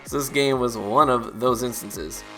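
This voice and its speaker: A man giving relaxed, chatty gameplay commentary as a streamer. He uses lots of fillers and laughs easily. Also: medium pitch, moderate pace, over music. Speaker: gaming YouTuber and streamer.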